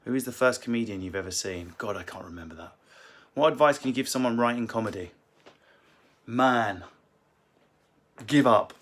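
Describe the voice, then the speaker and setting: A comedian answering viewer questions in a casual Q&A, swearing and joking in quick asides, from a book-lined room at home on a phone. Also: male voice, on the low side, fairly bright tone. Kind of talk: casual livestream Q&A.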